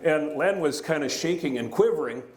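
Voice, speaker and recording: In an echoey large hall with faint room noise, a middle-aged man delivers a folksy, conversational county address sprinkled with jokes. His voice is a little high with a darkish tone and lively intonation, at normal speed.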